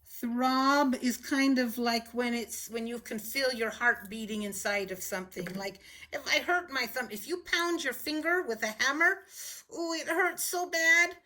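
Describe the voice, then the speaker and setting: A woman teaching a children's phonics lesson, explaining words slowly and patiently with clear enunciation. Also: on the high side, pushed and bright.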